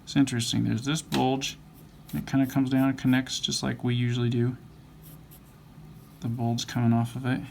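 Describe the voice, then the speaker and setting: A man teaching drawing speaks in a flat, creaky, darkish voice of medium pitch at a moderate pace. He mumbles and thinks aloud while sketching, correcting his lines as he goes. There's faint background noise.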